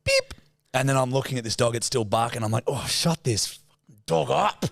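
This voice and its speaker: A man's voice: medium pitch, a little fast, vocal fry, dry recording, studio quality. A man with an Australian accent, co-hosting a podcast and telling a story with lots of swearing. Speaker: podcast co-host. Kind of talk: casual chat.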